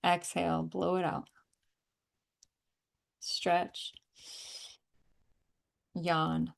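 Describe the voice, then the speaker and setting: A woman leading a guided energy-healing call, calmly repeating affirmations and breathing cues. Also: lowish voice, very slow, vocal fry. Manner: calm, repetitive guiding with breathing cues. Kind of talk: guided tapping and affirmation session.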